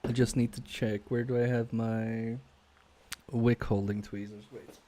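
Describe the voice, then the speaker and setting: Slow, mellow man thinking aloud. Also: mid-range voice, level tone. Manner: hesitant, self-questioning, trails off with many fillers; quietly focused, mutters while working. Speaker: electronics repair streamer. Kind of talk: live-stream thinking aloud while soldering.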